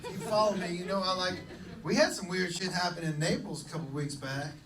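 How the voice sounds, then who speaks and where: A man doing live stand-up on a comedy club stage, telling a story in an animated, profane way. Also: sits high, brisk, recorded from a distance, crowd noise, poor audio. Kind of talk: live stand-up crowd work.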